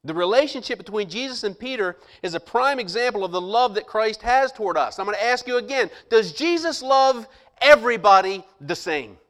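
A man preaching a sermon in a high voice whose pitch swoops widely. He slows to stress scripture line by line and leaves dramatic pauses around his rhetorical questions. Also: expressive, fairly bright tone.

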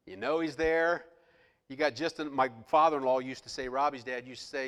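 A male pastor preaching a sermon with passion, swinging between loud outbursts and hushed asides. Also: mid-range voice, steady tone, brisk, big-room sound.

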